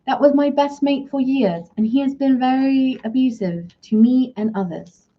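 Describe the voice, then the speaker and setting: A woman's voice: lowish voice, normal speed, dull audio, lightly acted. A woman putting on a jokey foreign accent. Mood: mock-serious. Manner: exaggerated, playful accent attempt. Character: a viewer quoted in a put-on accent.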